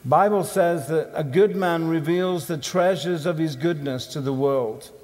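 A man's voice: on the high side, measured pace, a little mellow. A man giving a conference sermon, emphatic and rhythmic, in short punchy phrases. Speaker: conference speaker. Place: conference hall. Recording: long hall reverb.

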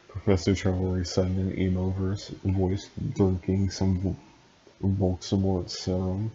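A man with a low, dark voice reads a story in a flat monotone and cuts in with deadpan, mocking remarks. The recording is dull and lo-fi, with faint hiss underneath. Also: a little slow. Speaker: reader and commentator. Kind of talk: comedic reading with sarcastic asides.

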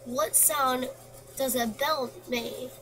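A woman's voice: high-pitched, fairly even intonation, slow, a bit bright. A woman playing a quiz game on her computer, reading the questions and answers aloud and mumbling to herself. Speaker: gameplay commentator. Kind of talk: casual gameplay commentary. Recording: noisy home recording.

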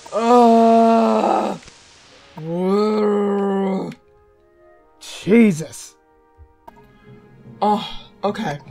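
A woman's voice: lowish voice, warm tone. A woman streamer playing a role-playing game, swearing and muttering irritably at enemies as she plays. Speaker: gameplay streamer. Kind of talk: profane let's-play commentary.

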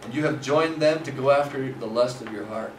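A man's voice: mid-range voice, brisk, natural voice. A man voicing an angry male religious leader who hurls indignant rebukes. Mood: accusing. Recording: roomy, distant, noisy room.

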